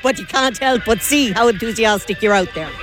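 A woman's voice: a little high, brisk, music in the background. A woman, a local news reporter narrating a report and asking admiring interview questions.

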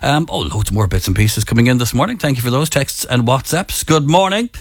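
A man's voice: mid-range voice, animated, fairly quick, husky, dry recording. A man hosting a breakfast radio show in a rambling, chatty way, thinking aloud as he goes. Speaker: radio host. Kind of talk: casual breakfast radio chat.

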